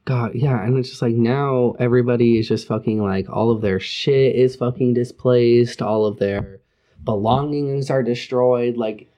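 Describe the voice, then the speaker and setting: Guy cohosting a chill show, mellow dark voice, swears a lot, grumbly. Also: mid-range voice, a little slow, muffled recording. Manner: profane, animated, grumbling. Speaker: podcast co-host. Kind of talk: casual chat.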